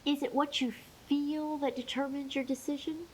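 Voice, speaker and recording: A woman educator giving an emphatic, clear talk on menopause with playful asides. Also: sits high, flat delivery, moderate pace, darkish tone, a little hiss or hum, rough recording.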